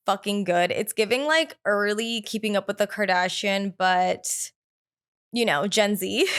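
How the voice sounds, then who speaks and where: A woman hosts her own podcast in relaxed, candid chat. Her voice is smooth and clear, with a mid-range pitch. She swears freely and scatters "like" through her sentences. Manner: chatty and candid, swears freely, many "like" fillers. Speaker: podcast host. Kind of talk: casual solo podcast chat.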